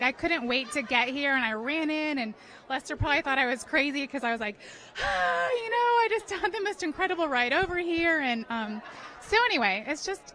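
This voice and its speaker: A woman's voice: high-pitched, pushed and bright, rough recording. A woman, a public relations guest interviewed on a red carpet, telling a heartfelt story with emotion.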